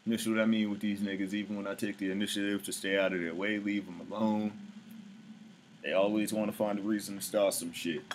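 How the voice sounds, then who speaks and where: Deep-voiced man ranting bluntly. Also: flat delivery, a little fast, slight background noise. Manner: blunt, profane, exasperated. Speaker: show host. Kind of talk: casual commentary to viewers.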